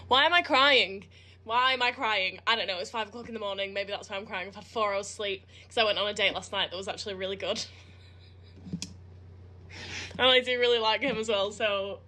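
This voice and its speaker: Bright-voiced woman telling a travel mishap. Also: mid-range voice, fairly even intonation, fairly quick, long pauses. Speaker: vlogger in a played clip. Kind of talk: tearful storytelling to camera. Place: airport, indoors.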